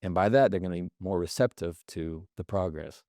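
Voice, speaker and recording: A man with a fairly low voice talks as a podcast guest, walking through everyday examples and slipping into the voices of people he quotes. He is close to the mic in a dry, dead-sounding room. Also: brisk, a little mellow, dry recording. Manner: explains with examples, acts out quoted lines. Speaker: podcast guest, communication expert. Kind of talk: conversational explanation.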